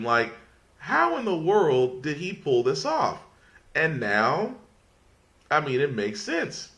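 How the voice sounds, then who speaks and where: A man talks through a casual podcast rant, his pitch rising and falling widely. He rambles, restarts sentences and keeps holding back laughter as he mocks what he is discussing. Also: pushed and bright. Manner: mocking, fights off laughter. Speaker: podcast host.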